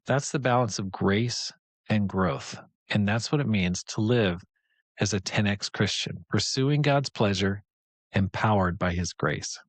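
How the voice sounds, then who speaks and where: A man's voice: fairly low pitch, measured pace, no room sound. A man hosting a devotional podcast, teaching in an earnest, conversational and encouraging way. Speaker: podcast host.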